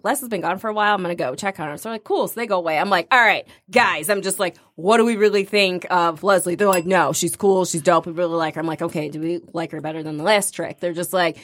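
A woman's voice: lowish voice, fairly quick, hardly any pauses, fairly bright tone, slight background noise. A young woman co-hosting a podcast, casually retelling a night out with quoted dialogue and frequent laughter. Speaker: podcast co-host. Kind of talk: casual storytelling chat.

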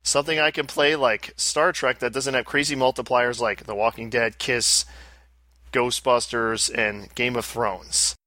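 A man co-hosting a casual podcast in a bright, forceful voice. The sound is dry and close. He rambles through his explanations and often restarts his phrases. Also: mid-range voice, steady tone, measured pace, dry recording. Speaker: podcast co-host. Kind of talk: casual chat.

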